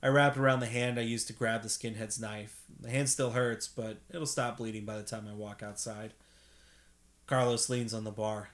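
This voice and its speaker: A man reading a novel aloud at bedtime in a steady first-person narration, with an occasional slip. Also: fairly low pitch, normal speed. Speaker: reader, host.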